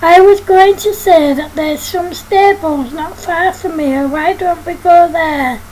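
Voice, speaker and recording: An eager little monster from a storybook, read by a woman in a high, slow voice. It keeps pitching ideas in a keen, chatty way. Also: a little mellow, a little hiss or hum, poor audio.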